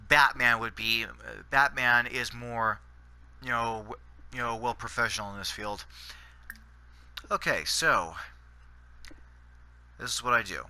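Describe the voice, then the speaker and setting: A man's voice: on the low side, sharp tone. A Canadian man giving rambling gameplay commentary, full of fillers and restarts. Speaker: gaming channel host.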